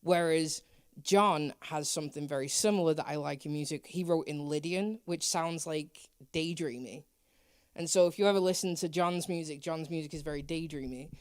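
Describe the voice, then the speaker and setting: A woman's voice: deep voice, normal speed, no room sound. Young English woman, musician guest, playful and opinionated, dry studio sound. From England. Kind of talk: casual interview chat.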